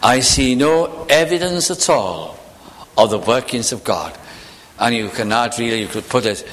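A man preaching a sermon in an earnest, emphatic way, slowing down and going quiet on solemn points. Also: medium pitch, expressive. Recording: long hall reverb.

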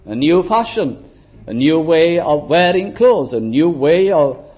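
Earnest older preacher. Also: male voice, expressive, measured pace, muffled recording. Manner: earnest, rises to emphatic exhortations and drops low and quiet. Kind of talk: sermon.

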